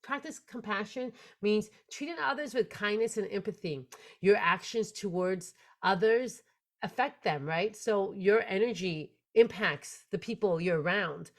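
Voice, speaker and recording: A woman's voice: medium pitch, a little slow. Earnest woman telling a spiritual story. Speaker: podcast host. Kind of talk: spiritual podcast monologue.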